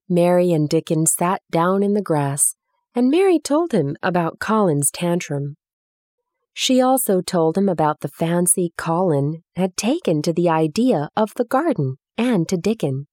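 A woman narrating a children's storybook aloud in a gentle, measured reading. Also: sits low, lively intonation, no echo, studio quality.

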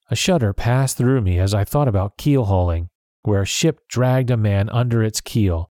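A man narrating a story in a measured, steady reading. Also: on the low side, no room sound, studio quality.

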